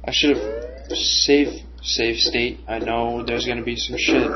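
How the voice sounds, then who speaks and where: A man's voice: mid-range voice, flat delivery, takes it slowly, background noise. A young man giving casual commentary as he plays a video game, frustrated and cursing at the enemies on screen. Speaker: let's play gamer. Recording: dull lo-fi recording. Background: game music.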